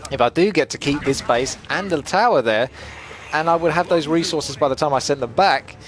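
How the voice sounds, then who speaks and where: A young man hosting a gaming channel, chatting and joking as he thinks out loud through live gameplay commentary. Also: fairly high pitch, fairly quick. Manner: chatty, jokey, thinks aloud while playing.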